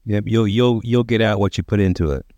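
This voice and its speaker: A man's voice: fairly low pitch, fairly even intonation, fairly quick, darkish tone, no echo. A man hosting a podcast interview, asking questions in a laid-back way. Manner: laid-back interviewer with short backchannel replies. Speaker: podcast host. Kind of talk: casual interview.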